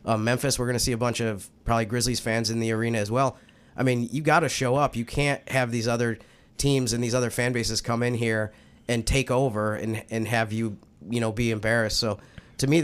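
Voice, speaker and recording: A man's voice: fairly low pitch, clear, resonant tone. A man hosting a sports podcast in casual chat, earnest and emphatic. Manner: earnest, emphatic, with many restarts. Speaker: podcast host.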